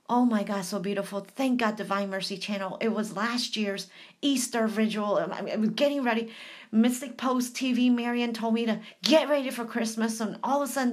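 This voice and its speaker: A woman at a middle pitch reads from a saint's diary with heartfelt feeling. She keeps breaking into casual, chatty asides, often dropping to a whisper or slipping into sing-song. Her delivery is informal and emotional, like a devotional host talking straight to her viewers.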